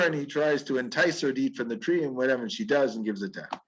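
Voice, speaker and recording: A man, a rabbi, teaching through stories in an animated, conversational way that is sprinkled with chuckles. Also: mid-range voice, quick pace, hardly any pauses, slightly rough, lo-fi sound. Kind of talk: storytelling lecture.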